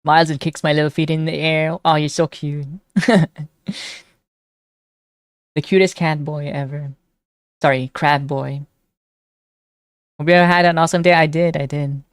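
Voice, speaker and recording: A young woman live streamer chatting casually with her viewers, reading their messages aloud and reacting excitedly. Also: low voice, moderate pace, no room sound, studio quality. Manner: chatty, reads chat aloud and answers it, excitable.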